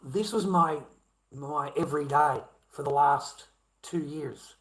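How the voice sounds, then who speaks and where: A man's voice: a little high, slow, poor audio. An Australian man talking to camera in a rambling, repetitive monologue, swearing heavily. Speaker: vlogger.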